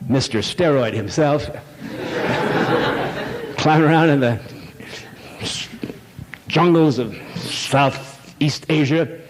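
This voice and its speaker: An older man speaks slowly in a voice on the high side, giving an irreverent public lecture that rambles through jokes and fillers for a live audience. The large lecture hall adds echo, and there's faint noise in the recording.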